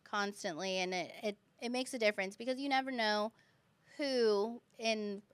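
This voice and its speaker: A young woman who teaches kindergarten, chatting casually as a podcast guest and telling stories with lively quoted voices. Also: medium pitch, moderate pace, smooth, no echo.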